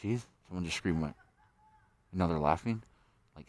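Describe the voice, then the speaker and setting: A man with a deep, low voice talks straight to his camera outdoors late at night. He rambles and repeats himself, swears freely and keeps tagging his sentences with "eh?". A faint background noise sits under the recording. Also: normal speed. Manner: repetitive, profane, tags sentences with "eh?". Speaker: vlogger.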